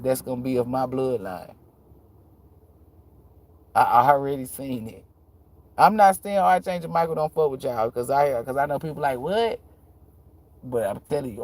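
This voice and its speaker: A low-voiced woman who reads tarot speaks straight to her audience in a loose, unscripted monologue. She is blunt and slangy, and swears freely. She tells her stories in an animated, emphatic way. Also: a little hiss or hum. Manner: profane, emphatic, animated storytelling. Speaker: tarot reader. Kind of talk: casual monologue to viewers.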